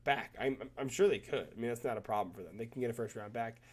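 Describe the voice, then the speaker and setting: A man talking at an ordinary middle pitch, his nose stuffed up from a cold. He rambles through numbers on screen in a loose, enthusiastic way, stumbling and restarting as he goes. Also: quick pace. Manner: rambling, self-correcting, enthusiastic. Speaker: hockey commentator. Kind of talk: casual screen-share commentary.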